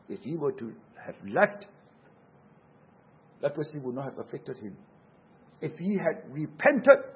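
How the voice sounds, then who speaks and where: Earnest male preacher, lo-fi sound. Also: on the high side. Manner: earnest, emphatic preaching with repeated phrases. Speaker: pastor. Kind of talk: sermon.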